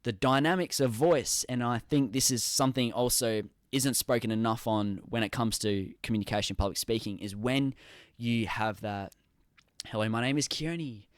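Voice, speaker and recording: An Australian man hosts an interview podcast in a mid-pitched voice. He asks his questions eagerly and answers his guest with frequent affirmations. The recording is close and dry. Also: fairly even intonation, normal speed, hardly any pauses, dry recording. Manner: enthusiastic, agreeable, frequent affirmations. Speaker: podcast host. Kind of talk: interview conversation.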